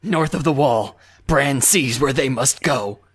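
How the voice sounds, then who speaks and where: A man doing a gruff, low action-hero growl. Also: unhurried, a bit bright. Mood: menacing deadpan. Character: gruff low-voiced action-movie tough guy reading a recap.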